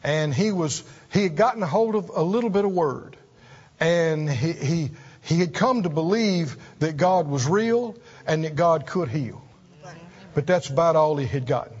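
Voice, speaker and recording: High-voiced earnest preacher in an echoing hall. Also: male voice, animated, normal speed, a little mellow, breathy edge. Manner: earnest and emphatic, repeats words, climbs high on key points. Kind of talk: sermon. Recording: dull sound in a reverberant hall.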